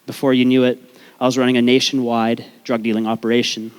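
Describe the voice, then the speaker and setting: A man's voice: mid-range voice, little pitch movement, fast talker, clean tone. A young man from Canada, telling a comic personal story on stage before a live audience, joking at his own expense and swearing freely. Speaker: speaker at a storytelling event. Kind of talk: comedic personal storytelling talk.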